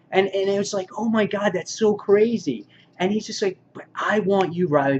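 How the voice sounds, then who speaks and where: A man reviews a comic book in a loose, excitable way, slipping into the characters' voices as he retells the story. His voice sits a bit high for a man. The recording sounds dull and lo-fi, with a faint hiss underneath. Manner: excitable, acts out characters' quotes; lots of fillers and restarts, mild swearing. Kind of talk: casual spoken review.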